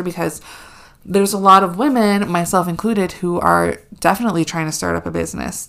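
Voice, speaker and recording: Gravelly-voiced woman ranting sarcastically. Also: on the low side. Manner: sarcastic, animated, swears freely. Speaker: podcast host. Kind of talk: casual solo podcast rant.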